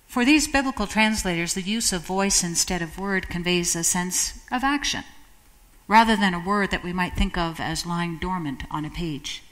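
A woman preaching a sermon in a fairly low voice, measured and reflective, stretching key phrases slowly. Her words ring out with the long reverb of a church sanctuary. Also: a bit bright. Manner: measured and reflective, slowing for emphasis.

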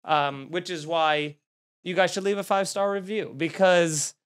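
A young man, a comedian hosting his podcast, telling a story as a profane, exasperated rant and acting out the quotes loudly. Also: high-pitched, fairly even intonation, normal speed, smooth. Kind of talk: animated comic storytelling rant.

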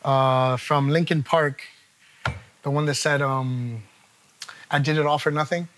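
A man talks as a guest in a casual chat, spinning a profane story with energy. His voice sits a little high and rings bright and forceful. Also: fairly even intonation, a little slow.

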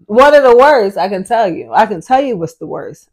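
A woman's voice: mid-range voice, big pitch swings, moderate pace. A pregnant woman in her thirties, a family vlogger talking candidly with her husband in a casual sit-down chat, full of "like" fillers. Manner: candid, chatty, with many "like" fillers. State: pregnant, often out of breath.

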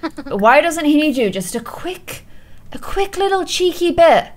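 A woman giving excitable gameplay commentary, gasping often and exclaiming playfully to her viewers. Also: high voice, moderate pace. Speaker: video game streamer.

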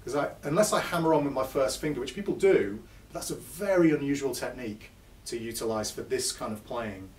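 A man's voice: mid-range voice, animated, a little fast. A man giving a chatty, self-deprecating live guitar lesson to an audience in a music store. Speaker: guitar clinician. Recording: echoey shop recorded from far off, with guitar. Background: guitar playing between phrases.

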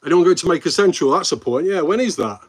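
A man with a Midlands English accent chats through a casual live stream and keeps calling his viewers mate. His voice is a little husky. He rambles between topics and reads comments out before answering them. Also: a little high, animated, quick pace. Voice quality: friendly banter with viewers, calls them mate.

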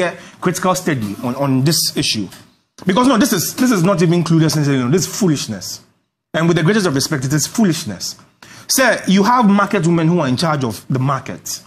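Ghanaian guy ranting hard about politics, kinda high voice, keeps repeating himself. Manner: indignant, emphatic, repeats for stress. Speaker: host. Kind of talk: heated political commentary.

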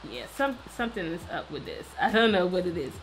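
A woman's voice: lowish voice, very animated, fairly quick, soft background music. A woman hosting a casual let's-play, chatting playfully and talking to the characters on screen. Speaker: gaming video host.

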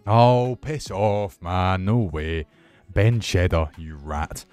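Excitable sweary lad gaming. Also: male voice, fairly low pitch, slow, clear, resonant tone, faint music behind. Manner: excitable, sweary banter with viewers. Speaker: gaming YouTuber. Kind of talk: casual gameplay commentary.

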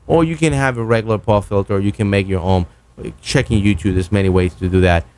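A man's voice: fairly low pitch, fast, darkish tone, clear, resonant tone. Man, casual mic review, rambling, self-correcting, enthusiastic, close broadcast mic, home studio. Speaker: podcaster reviewing microphones. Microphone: broadcast dynamic mic, close.

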